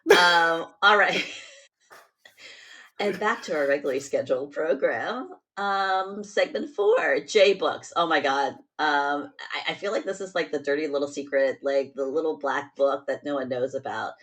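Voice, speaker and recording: A woman's voice: sits low, normal speed, a bit bright. A woman hosting a podcast, talking bluntly and with exasperated asides in casual chat. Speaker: podcast host.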